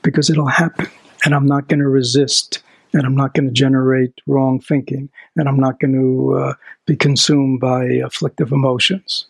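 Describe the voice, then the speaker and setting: Raspy guy teaching buddhist stuff, keeps asking the crowd questions, whispers sometimes, dry sound. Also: mid-range voice, normal speed, no echo, poor audio. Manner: animated, asks the audience rhetorical questions. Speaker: dharma teacher. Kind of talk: Buddhist dharma talk.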